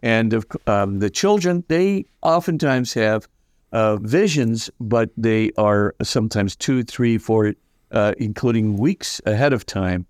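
An older man, a priest as guest, telling stories in an animated way and acting out the voices of the people in them. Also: fairly low pitch, unhurried, no echo, clean studio sound. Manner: lively, acts out quoted voices, many fillers. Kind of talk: animated anecdotal storytelling.

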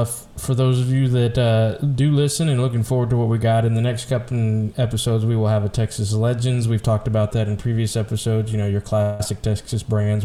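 Mellow-voiced casual podcast co-host. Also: male voice, lowish voice. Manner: loose, rambling, profane.

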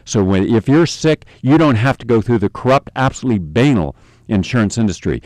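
A man's voice: mid-range voice, expressive, fast, a little mellow, dry recording. A middle-aged American man delivering an impassioned, angry monologue as a radio host. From United States. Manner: angry, ranting, emphatic.

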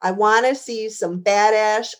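A woman's voice: mid-range voice, measured pace. A woman co-hosting a casual podcast chat, speaking bluntly and emphatically with some swearing.

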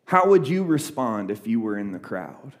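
A man's voice: on the low side, sing-song, moderate pace. A young adult man preaching a sermon, retelling a scripture story in a loose conversational way with many fillers and restarts. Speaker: pastor.

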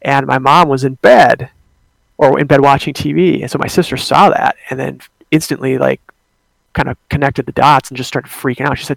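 A man's voice: medium pitch, steady tone, normal speed, creaky, no room sound. A young man telling a personal ghost story in a casual, rambling way, with many fillers and restarts.

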